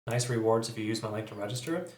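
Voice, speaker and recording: A man's voice: on the low side, fast, echoey room. A man hosting a crypto chart analysis channel, talking casually and correcting himself often. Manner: chatty, self-correcting, frequent fillers.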